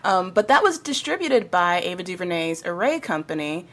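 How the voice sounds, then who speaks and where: A woman hosts an interview over a video call and asks her guest friendly, encouraging questions. Her voice sits fairly low for a woman. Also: very animated, normal speed, fairly bright tone. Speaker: interview host.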